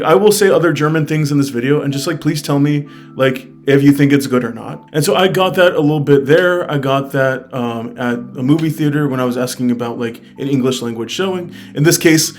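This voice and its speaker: A young man from the United States chatting casually in a travel vlog, candid and upbeat, full of fillers. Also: mid-range voice. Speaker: travel vlogger.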